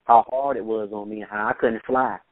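A man's voice: on the low side, fairly even intonation, no room sound. Man telling stories over a phone line. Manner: laid-back storytelling, quick laughs, mimics voices in anecdotes. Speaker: interview guest, rapper. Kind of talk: casual recollection over a phone interview. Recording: tinny phone line, dry.

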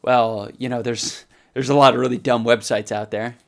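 Young male comedy vlogger: sarcastic, crude, lots of swearing, loud rants broken up by mumbled asides. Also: mid-range voice, steady tone, normal speed, creaky. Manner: crude, mocking, swears often; swings between loud outbursts and muttered asides. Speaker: comedy vlog host. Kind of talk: sarcastic comedic product review.

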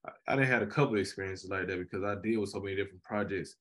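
A man's voice: sits low, rapid-fire. A young man, a graduate student, co-hosting a casual podcast chat and telling stories animatedly. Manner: animated storyteller, frequent "you know what I'm saying".

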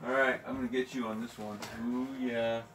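A man's voice: mid-range voice, level tone, a little fast, slight background noise. A man playing a video game with his child at home, trash-talking in a casual, teasing way. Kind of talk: casual gaming chat. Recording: off-mic voice over loud game music.

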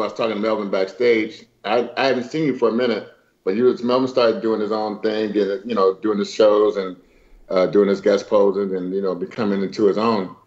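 Laughing storyteller man, lo-fi sound. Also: lowish voice. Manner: animated, laughing storyteller acting out dialogue with slang. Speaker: guest. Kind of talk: casual storytelling chat.

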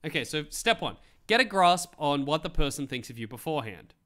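Lively, bright-voiced male streamer. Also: a little high, fairly quick. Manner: wry, rambling, reacts to chat and pictures. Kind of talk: casual live-stream commentary.

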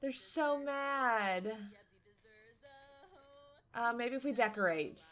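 A woman commentating a life-simulation game, chatty and excitable, talking to her viewers and to the characters on screen. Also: fairly high pitch, takes it slowly. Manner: excitable, squeals and laughs at surprises. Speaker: gaming YouTuber. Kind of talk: let's play commentary.

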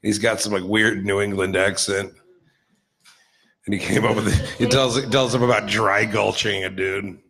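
A man's voice: on the low side, fairly even intonation, moderate pace, creaky, fairly bright tone, slightly rough. A young man hosting a loose comedic chat show, rambling along and laughing often. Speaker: host.

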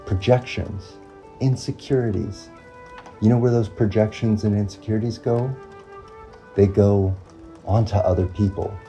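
Motivational vlogger, male, very low and dark voice, faint music underneath. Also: steady tone. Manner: earnest, repetitive, pausing often, drawn-out phrasing. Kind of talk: reflective motivational monologue.

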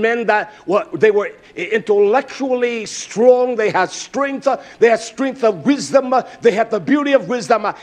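A man preaching a sermon, emphatic, repeating key words, with frequent "uh" pauses and bursts of raised volume. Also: very high voice.

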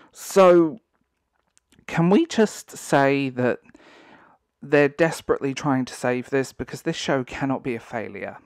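A man's voice: on the high side, no room sound, studio quality. A man giving ranting online commentary, sarcastic and exasperated, breaking into disbelieving laughter.

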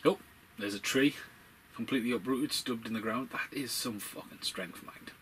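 A man giving casual, profane, rambling commentary over a film, getting excitable as he talks. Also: mid-range voice, normal speed, a little hiss or hum, rough recording.

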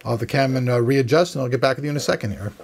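Chatty man with a gravelly voice. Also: medium pitch, very fast, slight background noise. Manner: chatty, rambling, self-deprecating. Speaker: tech reviewer. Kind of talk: casual unboxing commentary.

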